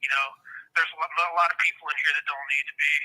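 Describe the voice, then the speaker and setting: A middle-aged man from Ohio, speaking as an inmate guest on a phone interview. His voice sits high for a man and sounds very sharp and tense. He rambles in a heated way and swears often. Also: level tone, quick pace, husky, poor audio.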